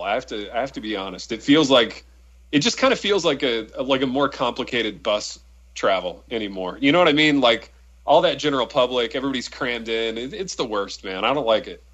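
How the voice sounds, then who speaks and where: A man co-hosting a casual podcast chat, telling a long travel story in a relaxed, rambling way with lots of fillers. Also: mid-range voice, fairly quick, muffled recording. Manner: laid-back, rambling anecdote telling with fillers. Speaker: podcast co-host.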